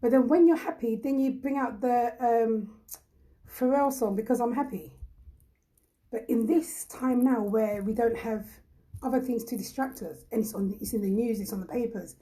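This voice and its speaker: Hosting a casual live chat, a Ghanaian woman speaks in a mellow, slightly high voice at a moderate pace. She's blunt and emphatic, repeating points to drive them home and reading viewers' comments aloud, though the recording quality is low.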